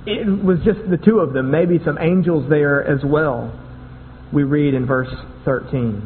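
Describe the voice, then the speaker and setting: A man's voice: a little high, measured pace, a little hiss or hum. A man preaching a sermon in a conversational way, often repeating and restarting words. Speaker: pastor. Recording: tinny phone-like sound with long hall echo.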